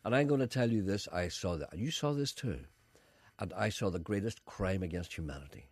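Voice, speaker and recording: A man presenting a radio show, telling stories with animated, teasing, theatrical flair in casual banter. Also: sits low, brisk, no room sound.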